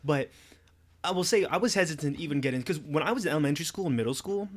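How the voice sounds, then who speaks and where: A young man hosting a casual podcast chat, animated and laughing often, swearing freely as he tells stories. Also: fairly high pitch, rapid-fire. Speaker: podcast host.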